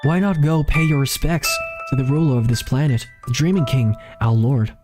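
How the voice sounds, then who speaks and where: A streamer voicing a friendly dove local in a game, with an American accent and a flat, robotic, formal greeter delivery. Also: mid-range voice, moderate pace, music in the background, lightly acted. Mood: welcoming.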